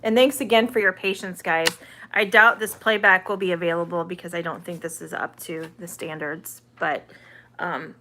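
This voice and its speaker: A woman's voice: lowish voice, fairly even intonation, normal speed, pushed and bright, slight background noise. A woman, an online English teacher, chatting through a live-stream Q&A, reading viewer comments aloud and carefully sounding out vowels.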